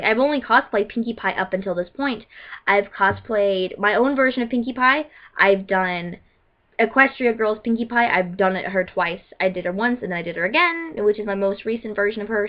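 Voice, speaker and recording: Woman, cosplayer, casual vlog chat, gushing, rambling, fairly high voice, dull lo-fi sound. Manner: gushing and rambling, with many fillers. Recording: muffled lo-fi recording.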